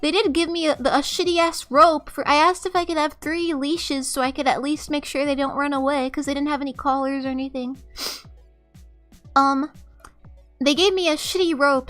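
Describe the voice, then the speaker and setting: A woman's voice: high voice, a bit bright. A young woman streamer telling a rambling, profane story in an exasperated, casual way, often laughing. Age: young adult.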